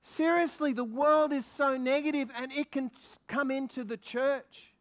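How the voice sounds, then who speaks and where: A man preaching a sermon as a guest minister, excitable and lively, asking the congregation many questions. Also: very high-pitched. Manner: excitable, quickens when stirred.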